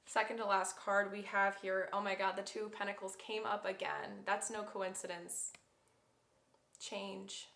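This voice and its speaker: A woman's voice: medium pitch, flat delivery, measured pace, fairly bright tone, reverberant. Emotional, effusive woman reading tarot cards. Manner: emotional, effusive, talks straight to viewers. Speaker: tarot reader. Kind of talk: pick-a-card tarot reading.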